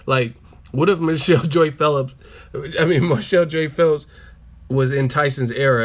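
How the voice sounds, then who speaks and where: A man's voice: medium pitch, steady tone, normal speed. A man hosting a live stream, reacting to clips with profanity and laughter. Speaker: boxing channel host. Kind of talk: casual live-stream commentary.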